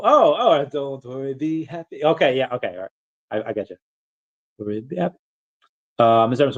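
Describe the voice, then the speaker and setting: With a low-leaning voice and lo-fi sound, a man chats loosely on his livestream. He responds to viewers' chat questions in a rambling way, interrupting himself and chuckling a lot.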